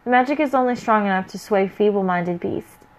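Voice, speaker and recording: A woman's voice: mid-range voice, brisk, close to an everyday voice, poor audio. A woman voicing a dry, confident male elf tracker who speaks matter-of-factly. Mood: curt. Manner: matter-of-fact, curt.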